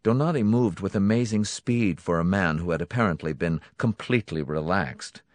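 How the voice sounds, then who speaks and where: A man's voice: deep voice, normal speed, no room sound. A man narrating an audiobook in a dramatic, tense manner.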